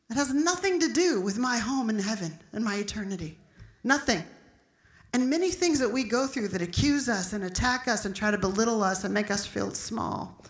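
A woman's voice: fairly high pitch, animated, fast, roomy sound. A middle-aged woman pastor preaching an emphatic, storytelling sermon.

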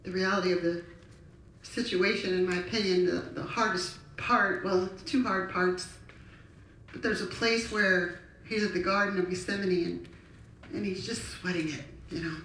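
Woman preacher, passionate animated sermon, booming echo, distant mic. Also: moderate pace, slight background noise. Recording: echoey hall from far off.

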